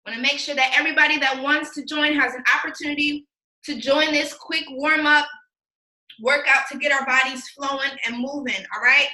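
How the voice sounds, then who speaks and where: Woman, fitness instructor, breathless, very bright and high, counting reps, roomy sound from away from the mic. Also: moderate pace, distant mic. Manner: energetic, counts reps aloud, cheers the viewers on. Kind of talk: live-streamed workout coaching.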